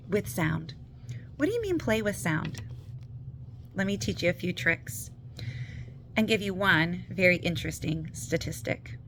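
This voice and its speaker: A woman's voice: lowish voice, a bit bright, slight background noise. A woman reading teacher giving an upbeat, encouraging talk to parents about reading. She leans on key words as she explains.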